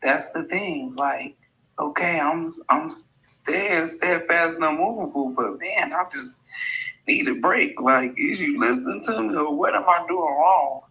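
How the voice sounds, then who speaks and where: A woman's voice: deep voice, expressive, a little slow, sharp tone, rough recording. A woman calling in on a phone held on speaker, talking earnestly and confiding her struggles. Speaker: caller.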